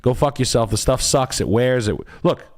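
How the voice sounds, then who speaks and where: A man's voice: mid-range voice, moderate pace, darkish tone. A man hosting a live stream, giving blunt, profane critiques of house listings as a realtor.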